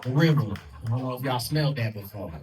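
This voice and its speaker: A man's voice: mid-range voice, fast talker. A man in his thirties doing a loose, profane stand-up set with crude punchlines. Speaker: stand-up comedian. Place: comedy club stage with a live audience. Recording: distant mic in a loud crowded club. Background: audience laughter and clapping.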